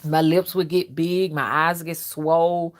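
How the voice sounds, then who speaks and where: A woman's voice: low voice, a little slow. Chatty woman telling stories. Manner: chatty, outspoken, animated with frequent restarts. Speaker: livestream host and rootworker. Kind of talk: casual storytelling to a live chat. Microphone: phone.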